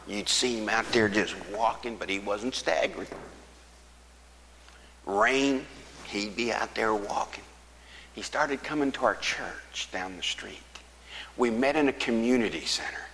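A male pastor tells a folksy story from the pulpit in a lowish voice with a bright, forceful edge. He often sinks to a hushed near-whisper. A long hall echo hangs behind him, with a faint hum. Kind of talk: storytelling sermon.

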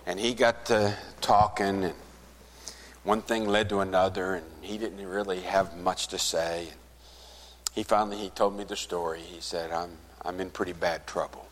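A pastor tells a story from the pulpit, his low voice carrying through a reverberant church. He voices both sides of the conversation and sinks to a hush when the story turns grave. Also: fairly even intonation, normal speed, slight background noise. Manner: retells a conversation, acting out both sides, softening to a hush at sad moments. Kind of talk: sermon storytelling.

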